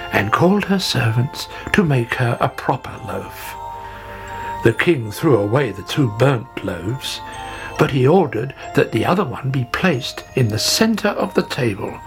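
A storyteller reading a fairy tale aloud in a measured way. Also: medium pitch, rough recording. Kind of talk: scripted fairy tale narration.

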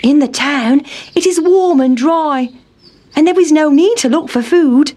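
Lady doing a high whiny town mouse boy, fussy and complaining, storybook voice. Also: measured pace, warm tone. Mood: coaxing. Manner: whiny, exclaiming.

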